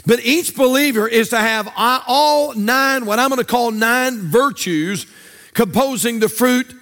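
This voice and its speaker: A man's voice: very high voice, unhurried, a bit bright. A male pastor preaching a sermon in a church, with a sing-song cadence and repeated phrases. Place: church sanctuary.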